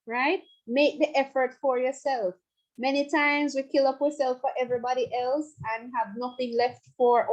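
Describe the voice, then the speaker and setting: A woman's voice: on the high side, a little mellow, low-quality recording. A woman psychologist, leading a guided relaxation talk in a chatty way with playful asides. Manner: conversational, laughs and playful asides.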